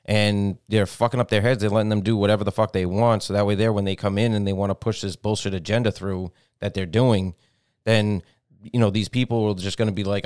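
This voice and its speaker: A man's voice: lowish voice, flat delivery, brisk, darkish tone, clear, resonant tone, dry recording, studio quality. A man co-hosting a casual political podcast, blunt and profane, who reads news headlines aloud. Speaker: podcast co-host.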